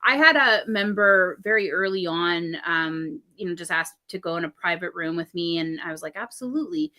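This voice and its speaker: A woman telling stories in a relaxed podcast conversation, acting out what people said and laughing often. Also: lowish voice, moderate pace. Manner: animated, acts out quoted dialogue, laughs often. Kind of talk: casual conversational storytelling.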